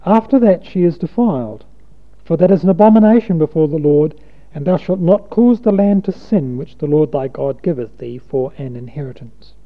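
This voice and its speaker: A man's voice: on the high side, normal speed. A man preaching a sermon, reading scripture aloud and stressing rhythmic wordplay. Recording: tinny phone-like recording.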